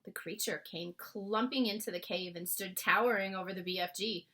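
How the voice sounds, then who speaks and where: A woman reading a children's book aloud with expressive storytelling. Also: medium pitch, normal speed.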